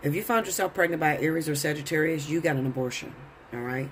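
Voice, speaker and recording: Tarot guy talking straight at the camera, swears a lot, kinda high voice, light background noise. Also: fast. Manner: blunt, profane, preachy. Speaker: tarot reader. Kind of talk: casual tarot reading to camera.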